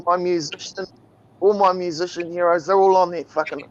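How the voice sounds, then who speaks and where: A man's voice: high-pitched, steady tone, fairly quick. A man hosting a casual chat, laid-back and swearing freely. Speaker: host. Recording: dull lo-fi audio.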